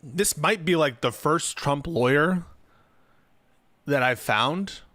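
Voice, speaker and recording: A man's voice: a little high, animated, slow pace, bright, forceful tone, no echo. A man hosting a stream, reacting casually and thinking aloud about a legal question. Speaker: streamer host.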